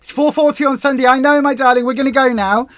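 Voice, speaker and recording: A woman co-hosting a casual livestream chat, talkative and excitable with quick asides. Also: high-pitched. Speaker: co-host of a weight loss livestream.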